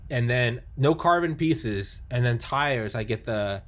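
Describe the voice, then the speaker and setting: A man's voice: medium pitch, animated, unhurried, a bit bright. A man chatting casually about video games, rambling with lots of fillers, restarts and swearing. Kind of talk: casual chat.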